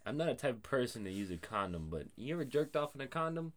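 A man in his twenties co-hosting a casual podcast chat, swearing constantly and laughing loudly. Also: medium pitch, big pitch swings, quick pace. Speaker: podcast co-host.

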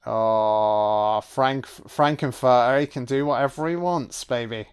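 Profane, slow-talking male film commentator. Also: medium pitch, clean tone. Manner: profane, excitable running reactions. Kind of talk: audio-only film commentary.

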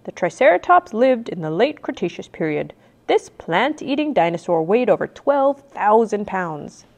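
Skeptical bookish young boy, blunt and exasperated, with a lively, rising voice, read by a woman. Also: medium pitch, normal speed. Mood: matter-of-fact.

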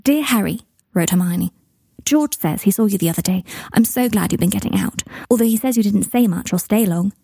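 A woman's voice: medium pitch, lively intonation, fairly quick, creaky, warm tone, husky, dry recording. A woman reading a story aloud, narrating and lightly voicing letters and dialogue. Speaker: fanfiction reader. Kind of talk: scripted narration.

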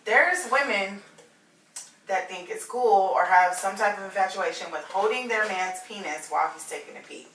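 A woman's voice: medium pitch, unhurried, bright, forceful tone, a little hiss or hum. A woman co-hosting a podcast in casual chat, outspoken and profane. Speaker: podcast co-host. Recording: echoey room, far from the mic.

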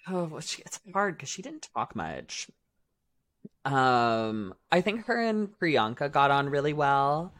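A man's voice: medium pitch, big pitch swings, slow, a bit bright. A man co-hosts a casual podcast, talking through his thoughts in a loose, rambling way. His speech is packed with filler words as he circles back on himself. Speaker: podcast co-host; drag performer. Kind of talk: casual chat.

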